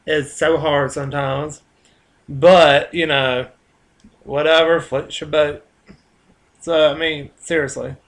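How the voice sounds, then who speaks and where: A man's voice: a little high, flat delivery, takes it slowly, long pauses. A man with a Southern US accent, rambling casually in a vlog monologue, chatty and full of fillers and restarts. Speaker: vlogger.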